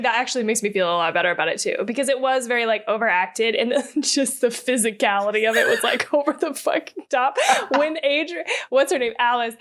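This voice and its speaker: A woman's voice: fairly high pitch, a bit bright. A woman co-hosting a podcast in casual chat, full of fillers like "like", laughing and swearing. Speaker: podcast co-host.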